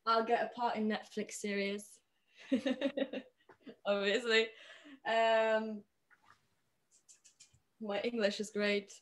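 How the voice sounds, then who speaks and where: A young woman from Poland with a Polish accent, chatting as a podcast guest, hesitant, with many pauses and restarts. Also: on the high side, steady tone. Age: young adult. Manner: hesitant, many fillers and restarts, laughs often. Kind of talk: casual podcast chat.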